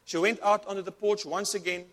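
A high-pitched male pastor preaching a sermon with fervent energy. He stumbles and repeats himself as he goes, in an earnest, heartfelt delivery. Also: steady tone, fairly quick, fairly bright tone. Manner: fervent, repetitive, many restarts.

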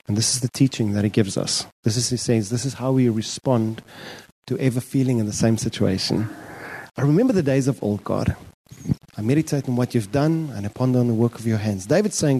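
Guy preaching, mellow low-key tone, pleads right at god in first person. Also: brisk, slightly rough, low-quality recording. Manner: impassioned, voicing a psalmist's prayer aloud. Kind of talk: sermon.

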